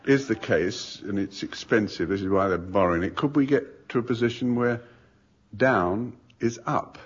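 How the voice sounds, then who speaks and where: A man's voice: on the low side, normal speed. A man delivering a dry, wry comic monologue, musing aloud on a radio panel show. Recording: dull radio recording with faint noise.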